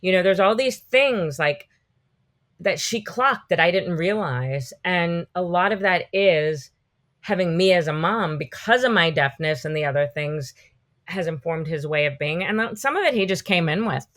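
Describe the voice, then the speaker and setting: A woman's voice: lowish voice, normal speed. Chatty woman telling rambling stories. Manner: animated, rambling storytelling full of "like". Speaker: podcast guest. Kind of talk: casual interview chat.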